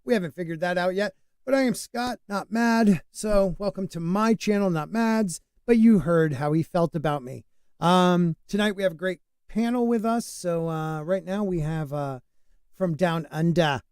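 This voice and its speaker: Chatty high-voiced man hosting a podcast. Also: normal speed, a little mellow, clear, resonant tone, no room sound, clean studio sound. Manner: chatty, self-deprecating, talks over others. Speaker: podcast host. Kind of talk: casual panel chat.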